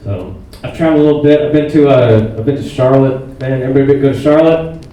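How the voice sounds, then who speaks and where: A man's voice: mid-range voice, fast talker. Young man doing stand-up in a theatre. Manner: deadpan, self-mocking. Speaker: stand-up comedian. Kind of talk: stand-up set. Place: theatre stage with live audience. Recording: roomy distant theatre sound with noise.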